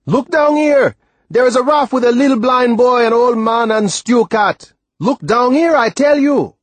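A man's voice: mid-range voice, measured pace, no room sound, lightly acted. A man reading a storybook, voicing an old sailor from the with a lilting dialect and an earnest manner. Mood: shouting. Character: old West Indian sailor, calm, devoted.

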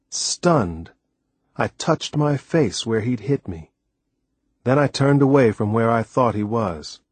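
A man reads a first-person story in a measured, deliberate way. His pace is slow and his pitch sits in the middle range. The recording is dry and close, with no room sound. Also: husky, no echo. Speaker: audiobook narrator.

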